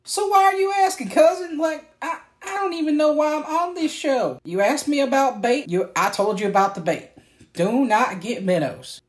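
A woman playing a loud, cranky redneck cousin with a drawl, indignant and complaining in an improvised comedy sketch. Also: high-pitched, normal speed, voice pushed up, lightly acted. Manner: indignant, complaining, rising to shouts. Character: loud cranky redneck cousin, grown man, fishing expert.

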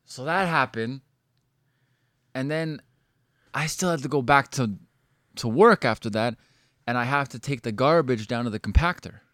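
A man telling a story in casual conversation, animated and swearing often, with frequent restarts and filler likes. His pitch sits in an ordinary middle range. The sound is dry and close. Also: moderate pace, pauses often, no room sound.

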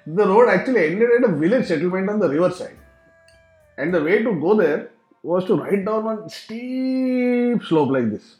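Guy telling a funny bike trip story, kinda high, super animated, echoey room. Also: normal speed, faint music behind. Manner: humorous, acts out sound effects. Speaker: travel vlogger. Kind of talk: storytelling travel narration.

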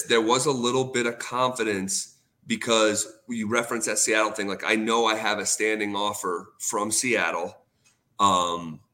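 A man's voice: lowish voice, pushed and bright. A man in a casual interview, retelling a career story with lots of quoted dialogue, fillers and restarts. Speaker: sports radio host, guest.

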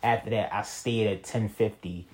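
Young man, low-ish voice, casual vlog storytelling, slangy, rambling. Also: fairly even intonation, normal speed, darkish tone. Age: young adult. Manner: slangy, rambling, frequent "you feel me" and restarts. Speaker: vlogger telling a personal story.

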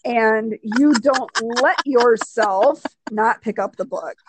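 A woman's voice: a little high, takes it slowly, very noisy. A young adult woman co-hosting a casual chat, telling stories with lots of swearing. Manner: swears freely, animated storytelling. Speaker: podcast co-host.

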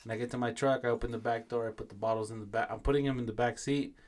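A man co-hosting a podcast, telling a profane, animated story and mixing in Spanish phrases. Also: mid-range voice, very fast. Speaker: podcast co-host. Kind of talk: casual storytelling chat.

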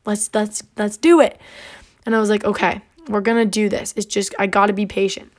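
A woman's voice: mid-range voice, level tone, brisk. A young woman hosting a podcast, chatting casually and acting out back-and-forth dialogue, with lots of "like". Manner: chatty, peppered with "like", acts out quoted dialogue. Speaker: podcast host. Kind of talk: casual storytelling monologue.

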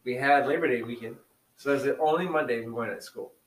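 A male teacher chats casually on a podcast, swapping classroom stories and laughing easily. His voice is medium-pitched and quick, picked up by a distant mic with a roomy echo.

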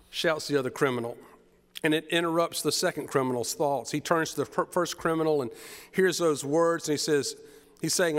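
A man's voice: a little high, normal speed, in a large hall. A man preaching a sermon, retelling the story with drama and repeated phrases.

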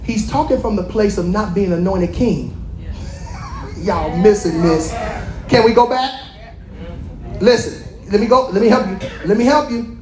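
A preacher giving a lively, colloquial sermon, repeating phrases and calling out to the congregation. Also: mid-range voice, measured pace, long pauses, reverberant.

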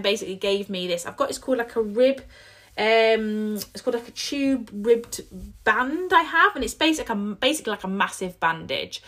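A young woman, hosting a casual solo podcast, her voice a bit croaky, chatty with lots of fillers and restarts. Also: mid-range voice, a bit bright. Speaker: podcast host.

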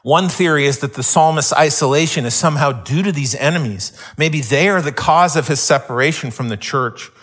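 A middle-aged male pastor delivers his sermon through lively, humorous personal stories. His voice sits a bit high and sounds bright and forceful, and he builds to excited exclamations as he tells them. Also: a little fast, few pauses. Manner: animated storytelling, rising into excited exclamations.

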